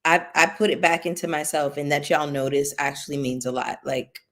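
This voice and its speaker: A woman's voice: deep voice, a little fast, a bit bright. A woman hosting a casual livestream, chatting with viewers and thanking them by name, with features. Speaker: YouTube commentary host.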